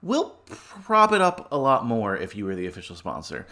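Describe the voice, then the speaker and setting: A man with a fairly low voice co-hosts a podcast in loose, casual chat. He jokes and rambles his way through pretend sponsor pitches. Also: huge pitch swings, moderate pace, bright, forceful tone. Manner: jokey, rambling, riffs on mock sponsor plugs. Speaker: podcast co-host.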